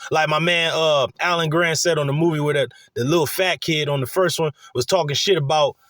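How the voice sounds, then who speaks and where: Man, fairly high voice, dry close sound; profane, rambling, excitable preacher. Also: brisk, no echo. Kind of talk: profane casual sermon.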